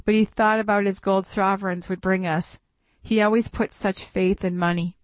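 A woman voicing an elderly immigrant father who speaks glumly and quietly. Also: mid-range voice, fairly even intonation, normal speed, no echo, natural voice. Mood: bitter. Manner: glum, subdued. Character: grieving elderly Greek immigrant father, glum.

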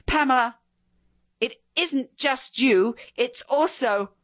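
A woman voicing a stunned dead husband who protests in a halting, slightly quavering voice. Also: high-pitched, fairly bright tone, pitched above the performer's own voice.

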